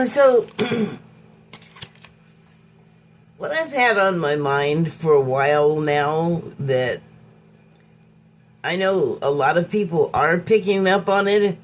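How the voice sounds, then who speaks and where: Slow, halting woman musing aloud. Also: fairly low pitch, lively intonation. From Hollywood, United States. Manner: halting and musing, pausing to search for words and restarting phrases. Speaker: podcast host. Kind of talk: unscripted reflective monologue.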